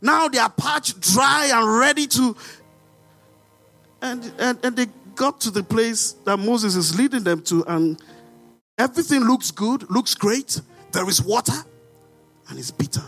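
A man with a Nigerian accent preaching a sermon as pastor, animated with rhetorical questions and sudden shouts. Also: very high-pitched, a little slow, gravelly, pauses often, faint music behind.

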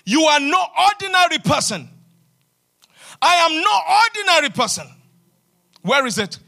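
A pastor preaches a sermon, hammering his points home with repetition and frequent hallelujahs, his sing-song cadence sometimes sinking into a hushed rebuke. His voice is extremely high and gravelly, delivered at a measured pace.

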